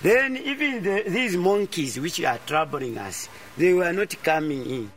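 A man's voice: on the high side, lively intonation, a little slow, a bit bright. A man explaining in a hesitant way, repeating words. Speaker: interviewee. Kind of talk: casual explanation.

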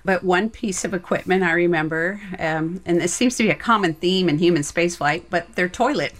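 A woman's voice: lowish voice, a little fast. A woman, a former flight director, answering interview questions in an earnest, reflective way.

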